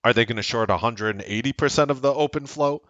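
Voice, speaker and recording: A man's voice: medium pitch, fast talker, no echo, dull audio. A man hosting a trading show, giving casual, rambling market commentary with blunt language. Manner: animated, rambling, blunt with profanity.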